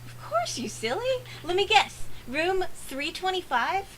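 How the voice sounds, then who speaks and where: A woman's voice: very high voice, big pitch swings, a little slow, a bit bright, slight background noise, pitched above the performer's own voice, heavily acted. Woman putting on a squealy bubbly schoolgirl. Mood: cheery. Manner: squealy, giggly, over-the-top cheerful. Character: bubbly cheerful teenage schoolgirl roommate.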